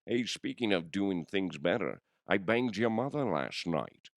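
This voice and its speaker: A hoarse man puts on a smug famous film star trading crude jokes. The voice sits low and the room is dead dry. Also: animated, unhurried, no echo, exaggerated voice. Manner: joking impression, crude.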